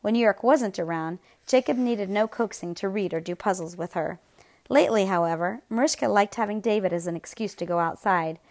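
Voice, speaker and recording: A woman reading an audiobook in a measured, even storytelling manner. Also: medium pitch. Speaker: audiobook narrator. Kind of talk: scripted narration.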